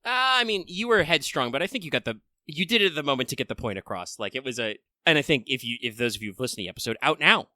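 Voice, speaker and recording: A man's voice: mid-range voice, animated, rapid-fire, hardly any pauses, sharp tone, no room sound. A man co-hosting a podcast in casual chat, thinking aloud with many fillers and restarts. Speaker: podcast co-host.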